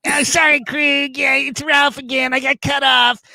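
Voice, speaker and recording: A man doing an impression of an excitable older radio host, talking eagerly and insistently as he leaves long rambling voicemails. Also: very high-pitched, normal speed, vocal fry, no echo, voice pushed up, heavily acted.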